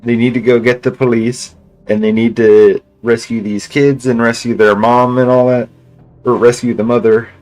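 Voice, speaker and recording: A man's voice: medium pitch, level tone, normal speed, a little mellow, faint music behind, rough recording. A male streamer casually retelling a story in a rambling way, full of restarts and filler words. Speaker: game streamer.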